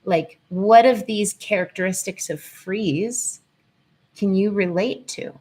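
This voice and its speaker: A woman's voice: medium pitch, slow pace, darkish tone, husky. A woman hosting a live-stream lesson, chatting and greeting viewers as she goes. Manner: chatty, digressive, greets viewers mid-talk. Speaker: host and teacher on the nervous system. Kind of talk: live-stream teaching talk. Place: at home in Colorado.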